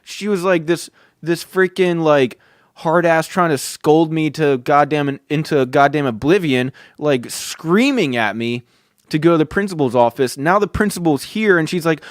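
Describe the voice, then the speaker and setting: Speaking at a moderate pace in a slightly high voice, a podcast host tells a laid-back story full of fillers, chuckling and cursing freely along the way. The sound is clean studio audio with no echo.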